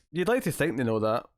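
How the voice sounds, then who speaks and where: A man hosts a live stream and riffs on a film as it plays, joking and chuckling between remarks. His pitch sits in the middle of the male range but swings widely as he talks. The sound is close and dry, with no room around him. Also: dry recording. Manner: chatty, jokey, often laughing. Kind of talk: casual movie-watching commentary.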